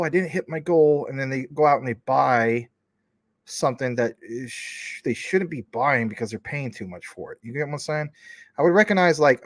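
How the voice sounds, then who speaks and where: A man chats casually on his livestream, reading out viewer comments and answering them. He rambles informally with plenty of fillers, at a middling pitch. The sound is dry and close. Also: a bit bright, no echo. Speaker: crypto livestream host.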